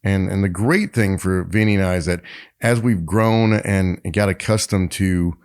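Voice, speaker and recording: A man's voice: deep voice, measured pace. A man co-hosting a podcast, telling stories in casual chat with many fillers and restarts. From Tennessee, United States. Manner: animated storyteller, frequent fillers and restarts. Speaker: podcast co-host.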